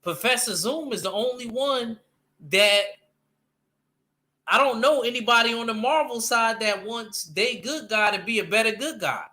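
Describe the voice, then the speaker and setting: A man's voice: very high-pitched, normal speed, sharp tone. A man chatting casually and animatedly about comics, using loose slang and restarting his sentences often. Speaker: panel guest discussing comics. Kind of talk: casual chat.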